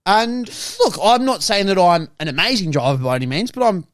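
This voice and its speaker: Higher-voiced Australian man, swearing storyteller. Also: brisk, dry recording, clean studio sound. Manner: swearing, rambling and animated, with lots of fillers. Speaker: podcast co-host. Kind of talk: casual storytelling chat.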